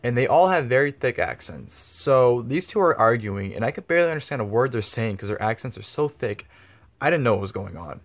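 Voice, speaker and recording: A man's voice: mid-range voice, big pitch swings, fairly quick. A man telling a story in a casual vlog, rambling with lots of fillers and swearing freely. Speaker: vlogger.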